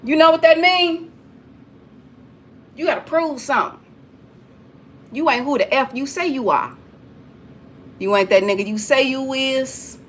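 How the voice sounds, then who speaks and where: A woman with a high-pitched voice preaches straight to her viewers. She lectures with blunt emphasis and keeps circling back to the same phrases. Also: measured pace, long pauses. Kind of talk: preachy straight-talk monologue.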